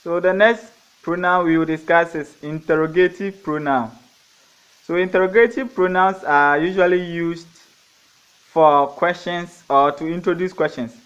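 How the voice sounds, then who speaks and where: A man teaching a grammar lesson, going slowly through examples, repeating each one and asking and answering his own questions. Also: fairly high pitch, a bit bright, clean tone. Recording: dull lo-fi recording.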